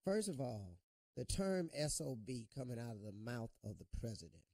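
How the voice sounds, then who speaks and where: A man's voice: mid-range voice, animated, normal speed, vocal fry, dark tone, no echo. A middle-aged man, hosting a morning radio show and delivering impassioned, preachy commentary.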